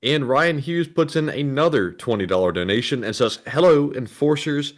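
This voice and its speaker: A man's voice: medium pitch, lively intonation, moderate pace. A man co-hosting a livestream, reading out donation messages in a plain, matter-of-fact way.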